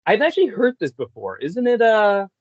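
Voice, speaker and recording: A man's voice: high voice, wildly swooping pitch, moderate pace, slightly rough, no echo, dull audio. A man who works as a voice actor and actor, a guest chatting in an easygoing, laid-back way and laughing often. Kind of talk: casual interview chat.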